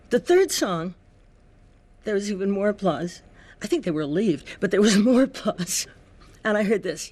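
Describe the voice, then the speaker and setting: An older woman, an interview guest, telling lively anecdotes and acting out the voices of people she quotes. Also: medium pitch, normal speed, a little hiss or hum.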